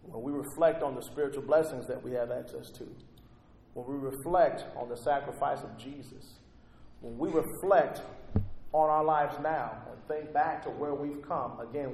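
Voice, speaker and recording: A man's voice: mid-range voice, steady tone, normal speed, a little mellow, a little hiss or hum. A man preaching a sermon and reading scripture aloud, rising with fervor on quoted prayers. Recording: echoey hall with faint ambience.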